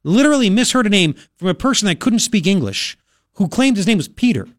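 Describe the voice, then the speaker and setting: Animated, high-voiced male radio host. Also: brisk, no room sound, clean studio sound. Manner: blunt, exasperated, ranting. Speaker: radio talk show host. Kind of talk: talk radio commentary. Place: radio studio.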